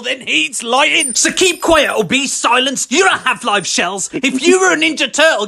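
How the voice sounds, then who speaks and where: A man performing a battle rap verse in a shouted, punchy delivery. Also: very high-pitched, moderate pace, gravelly, few pauses. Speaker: battle rapper.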